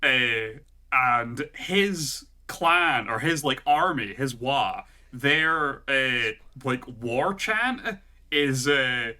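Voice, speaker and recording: A Scottish man co-hosting a podcast, chatty and loose, with plenty of laughter. His voice is bright and cutting, at a mid pitch for a man. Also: animated, drawn-out words. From Scotland. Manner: chatty, laughs often, heavy use of "like". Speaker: podcast co-host. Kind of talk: casual chat.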